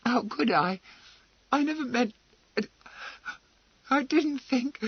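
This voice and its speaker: A frightened young woman stammers out her apologies in a high, breaking voice, as a man reads her part. She is timid and pleading, delivered at an unhurried pace in a husky tone on a slightly dull recording. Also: animated, no echo, heavily acted. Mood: flustered.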